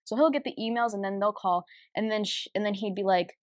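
A young woman in her twenties co-hosting a podcast, telling stories in an animated way with lots of fillers and restarts. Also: mid-range voice, a little fast, no room sound. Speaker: podcast co-host. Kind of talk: casual chat.

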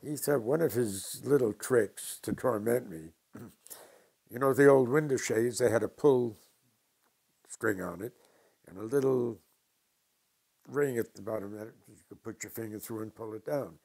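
An older man from New York telling stories from his past slowly and with dry humor in an interview. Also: medium pitch, vocal fry, darkish tone, husky. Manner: slow, deliberate anecdotes with dry humor. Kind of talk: storytelling interview.

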